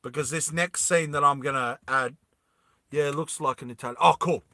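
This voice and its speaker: A man telling a story casually to a live chat, unhurried, in a slightly higher, bright and forward voice. He is animated, laughs often and acts out the characters as he goes. The sound is dry and close. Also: no room sound.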